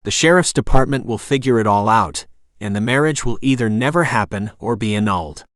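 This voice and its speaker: A man voicing a cool, protective young hero in an audiobook, speaking in a calm and drawling way. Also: fairly low pitch, a little fast, dry recording, clean studio sound, natural voice. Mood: mocking.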